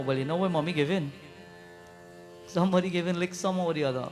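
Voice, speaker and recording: A pundit with a high-pitched voice preaches a sermon at a prayer gathering, retelling a devotional story at a quick pace. He keeps turning to the listeners with questions and slips into sung verses while soft music plays faintly behind him.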